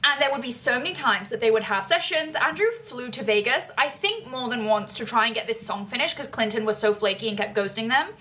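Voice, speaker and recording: A young woman casually telling a personal story, animated and jumping higher when she quotes people. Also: a little hiss or hum. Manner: animated, jumps up in pitch when quoting people. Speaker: podcast storyteller.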